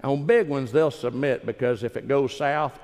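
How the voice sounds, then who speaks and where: A man's voice: mid-range voice, normal speed, darkish tone. A man preaching a sermon in a folksy, emphatic storytelling manner. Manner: folksy, emphatic, acts out quoted voices. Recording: reverberant hall.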